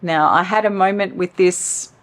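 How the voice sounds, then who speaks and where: A woman's voice: on the low side, moderate pace. A woman chatting casually to camera from her couch, rambling and open about her feelings. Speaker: perfume vlogger. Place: living room, on the couch.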